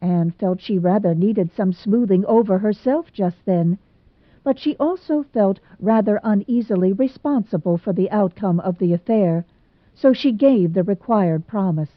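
Casting: female audiobook narrator, mid-pitched, on a dry, tinny phone-like line. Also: measured pace, no room sound. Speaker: audiobook reader. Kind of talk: scripted narration.

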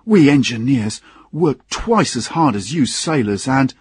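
A man voicing a tipsy young ship engineer who complains loudly with slightly slurred speech in a husky voice. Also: mid-range voice, big pitch swings, unhurried, no echo, clean studio sound, pitched above the performer's own voice, heavily acted. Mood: grumbling. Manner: slurred, loud, cheeky.

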